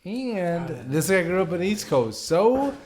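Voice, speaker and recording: A man from Chicago co-hosting a casual podcast, playful and theatrical, jumping between loud bursts and quiet asides. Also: high voice, sing-song, a little slow, crowd noise. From Chicago, Midwest US. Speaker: podcast co-host.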